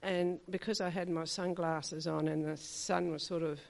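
Her voice on the low side, steady and touched with vocal fry, an older woman speaks at normal speed during a church meeting testimony. She tells of a recent experience in a chatty, wandering way full of small asides, giving voice to the people she met.

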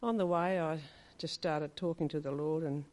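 A woman's voice: sits low, fairly even intonation, moderate pace, a little mellow. An older woman tells her church about a recent experience. Her storytelling is chatty and meandering, full of small asides. She brings her story to life by acting out the voices of the people she met. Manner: chatty storytelling, acts out quoted dialogue. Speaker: church member giving a testimony. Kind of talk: spoken testimony at a church meeting.

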